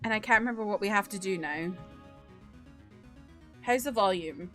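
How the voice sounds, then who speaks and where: A woman's voice: mid-range voice, moderate pace, fairly bright tone. A woman streamer with a British accent that drops her T's, chatting casually and giggling between games at a desk microphone. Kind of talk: casual live-stream chat. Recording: faint music behind.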